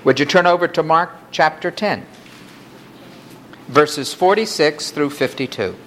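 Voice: medium pitch, measured pace, fairly bright tone, a little hiss or hum. A preacher giving a sermon, reading scripture passages aloud and lifting the voice for quoted cries.

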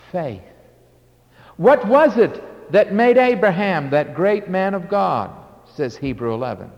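High, lively older man preaching in a hall. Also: lo-fi sound. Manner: emphatic, drawn-out preaching with sudden swells and drops. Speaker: pastor. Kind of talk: sermon. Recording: long hall reverb.

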